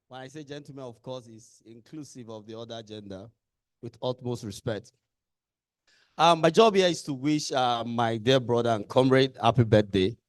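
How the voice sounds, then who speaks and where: A man with a Nigerian accent, a lawyer, giving a polite, measured speech at a birthday event with occasional ums. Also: mid-range voice, dry recording.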